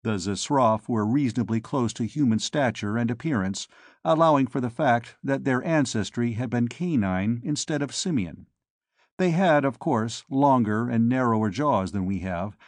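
Brief: male narrator, mid pitch, measured and wry, dry close sound. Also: dry recording. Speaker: audiobook narrator. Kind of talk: scripted first-person narration.

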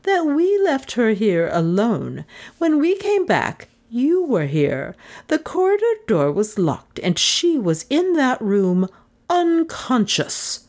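A woman reading aloud voices a brisk, commanding older spinster. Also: a little high, wildly swooping pitch, darkish tone, pitched above the performer's own voice, exaggerated voice. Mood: cold anger.

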